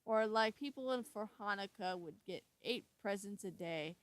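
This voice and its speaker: A woman hosting a casual storytelling video, halting and stumbling as she reads her notes aloud. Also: mid-range voice, rough recording. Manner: many fillers and restarts. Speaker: storytelling channel host. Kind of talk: casual spoken intro to a scary story.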